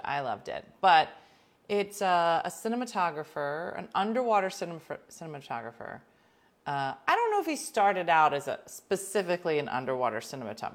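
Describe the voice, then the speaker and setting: A woman hosting a casual chat, telling rambling stories with quick whispered asides. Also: lowish voice.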